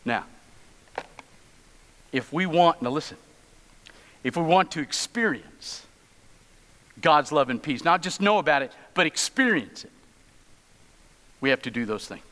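A middle-aged man delivers a sermon as a pastor, weaving humorous stories into his preaching. His voice sits a little high and rings bright and forceful. The sound carries the long reverb of a church sanctuary. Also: animated, measured pace, pauses often. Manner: storytelling with humorous asides.

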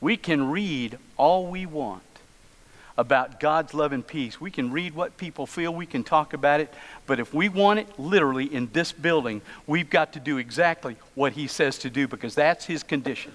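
A middle-aged man delivers a sermon as a pastor, weaving humorous stories into his preaching. His voice sits a little high and rings bright and forceful. The sound carries the long reverb of a church sanctuary. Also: moderate pace. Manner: storytelling with humorous asides.

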